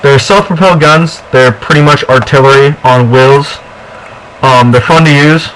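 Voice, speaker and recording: Young guy rambling through a game tour, lots of ums, average pitch, faint hiss behind. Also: normal speed, a bit bright, rough recording. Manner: chatty, rambling with fillers. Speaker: co-host of a gameplay video. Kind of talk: casual gameplay walkthrough.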